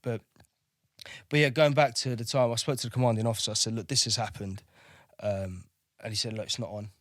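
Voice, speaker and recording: A man's voice: on the low side, steady tone, brisk, no echo, clean studio sound. A man telling his service story candidly, swearing freely and often asking "do you know what I mean". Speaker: podcast guest, navy veteran.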